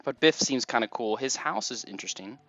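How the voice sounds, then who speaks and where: A man's voice: mid-range voice, fairly quick, muffled recording, over music. A man giving casual, rambling gameplay commentary, full of "like"s. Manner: chatty, rambling, many "like"s. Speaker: let's play gamer.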